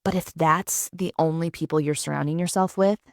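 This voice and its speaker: A woman in her thirties hosting a solo podcast, telling personal stories in a lively, conversational way with laughs and asides. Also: sits low, a little fast, dry recording, clean studio sound. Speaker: podcast host.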